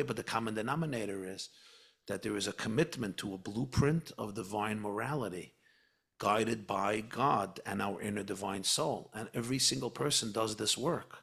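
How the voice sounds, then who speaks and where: A man speaking as a spiritual teacher on a podcast, teaching with animated emphasis and repeating phrases. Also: lowish voice, vocal fry, husky. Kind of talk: podcast conversation.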